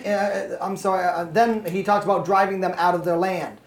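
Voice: medium pitch, steady tone, moderate pace, hardly any pauses, roomy sound. A Bible study teacher reading verses to a small group and explaining them, often stopping to check that the listeners are following.

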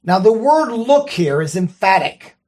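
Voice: medium pitch, very animated, measured pace, darkish tone. A Bible study teacher reading scripture and carefully walking through its grammar, often checking in with the listeners. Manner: careful, explains grammar step by step.

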